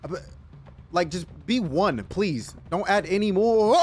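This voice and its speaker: Male let's-play host, high and very animated delivery, profane and jumpy, screams at scares, faint game music behind. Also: measured pace, noisy background. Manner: excitable, profane, yelps and shouts when startled. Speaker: gaming video host.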